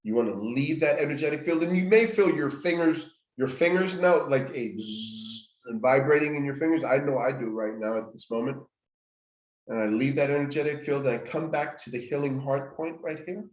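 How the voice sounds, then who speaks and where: Guiding listeners step by step through a healing workshop, this man often repeats phrases and restarts his sentences. He speaks at a moderate pace with a medium pitch, and the room has noticeable echo.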